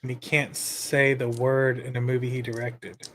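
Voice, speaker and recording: A man's voice: medium pitch, level tone, normal speed, fairly bright tone, a little hiss or hum. A man co-hosting a comedy podcast, chatting in an easygoing, opinionated way. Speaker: co-host. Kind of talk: casual comedy podcast chat.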